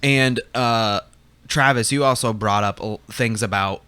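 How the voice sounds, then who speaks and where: A man's voice: on the low side, a little slow, pushed and bright, clear, resonant tone, dry recording. A young man co-hosting a casual fan podcast, talking chattily with fillers and restarts. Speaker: podcast co-host.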